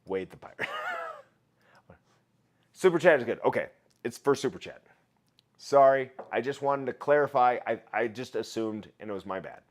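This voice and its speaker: Man, livestream host, casual chat, laughs a lot, reads chat aloud, mid pitch. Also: expressive, moderate pace.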